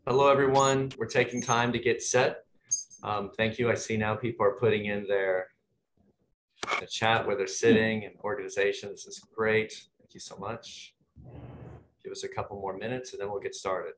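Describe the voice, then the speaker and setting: A man's voice: on the low side, flat delivery, moderate pace, a bit bright, a little hiss or hum. A man moderating an online panel, chatty and friendly, rambling with lots of fillers over a video call. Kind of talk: casual webinar hosting.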